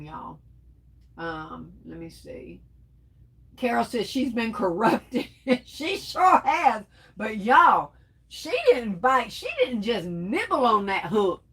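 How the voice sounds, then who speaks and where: A woman's voice: fairly high pitch, husky, poor audio. Chatty woman hosting a livestream. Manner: chatty and teasing, addresses viewers as y'all, laughs often. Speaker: livestream host. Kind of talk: casual livestream chat, reading viewer comments aloud.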